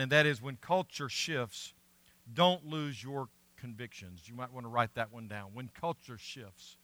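A man's voice: mid-range voice, sharp tone, no echo. Earnest, emphatic man preaching a sermon. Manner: earnest, emphatic preaching with rising and falling volume. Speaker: pastor.

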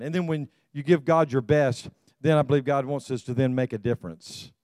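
An older man preaching as a pastor, with a mellow, warm voice and a dry, close sound. He pushes the congregation with repeated calls and stumbles into restarts as he goes. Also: medium pitch, a little fast, dry recording. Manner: exhorting, repeats "come on" to the congregation. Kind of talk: sermon.

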